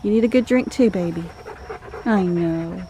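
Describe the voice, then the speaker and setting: Out in the heat on rural property, a woman from Texas narrates a casual vlog, gently coaxing stray dogs and chatting to the camera. Her voice is fairly low and warm, at a moderate pace, with a little hiss or hum in the recording.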